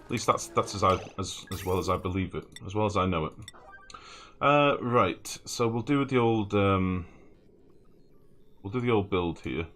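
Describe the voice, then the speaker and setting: A man's voice: low-pitched, animated, moderate pace, pauses often, fairly bright tone, faint music behind. A man chatting casually and swearing freely while he streams a game and answers chat. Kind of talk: casual gameplay commentary.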